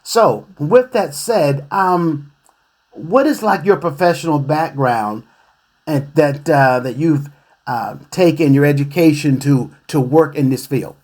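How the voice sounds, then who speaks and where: A man hosting a radio interview show, reflective and halting, searching for his words as he goes. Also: a little high, darkish tone. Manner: reflective, hesitant with many fillers and restarts.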